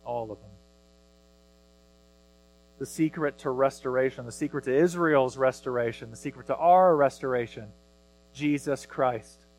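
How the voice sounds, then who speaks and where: A man in his thirties preaching a sermon as pastor, earnest, rising loud when he reads scripture. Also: medium pitch, moderate pace, long pauses, rough recording.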